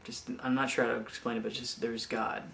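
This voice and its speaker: A young man giving a personal faith testimony, speaking haltingly with many restarts and repeated words. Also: medium pitch, level tone, vocal fry, bright, forceful tone, echoey room, a little hiss or hum. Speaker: former missionary giving testimony.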